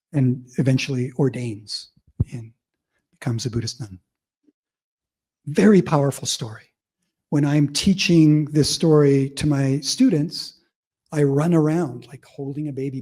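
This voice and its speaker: A man's voice: mid-range voice, darkish tone, breathy edge. A man giving a public lecture who tells vivid personal anecdotes in a conversational way, full of "like" and "you know" fillers. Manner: vivid storyteller, audience-engaging. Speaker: academic speaker.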